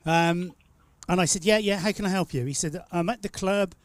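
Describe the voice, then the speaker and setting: A man's voice: high-pitched, normal speed, no room sound. A man hosting a live stream, chatting casually and telling rambling, teasing stories. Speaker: stream host. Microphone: studio mic.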